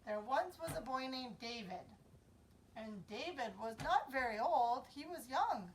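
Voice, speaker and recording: A young woman teaching a children's Bible lesson, telling the story slowly and expressively and acting out voices and sound effects. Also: high-pitched, lively intonation. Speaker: children's Sabbath school teacher. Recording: distant mic with faint room noise.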